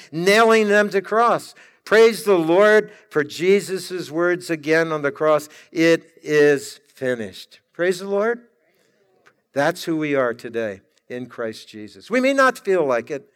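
A man with a high-pitched voice preaches a sermon, stretching his words out for emphasis and pausing for effect. His voice rings through a reverberant church hall. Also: fairly bright tone. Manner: emphatic, drawn-out preaching with dramatic pauses.

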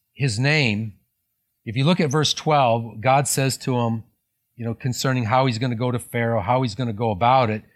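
A middle-aged man preaching a sermon as a pastor, in a conversational way with many fillers and restarts. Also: mid-range voice.

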